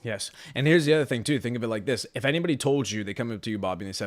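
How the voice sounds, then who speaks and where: A man's voice: fairly low pitch, very fast, few pauses, no echo, studio quality. A man co-hosting a casual podcast, brash and hyped up, swearing freely. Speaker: podcast co-host.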